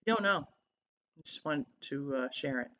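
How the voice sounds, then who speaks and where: A woman talking in a casual vlog, earnest and halting as she searches for words. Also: very deep voice, expressive, fairly bright tone. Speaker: vlogger. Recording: slightly dull lo-fi sound.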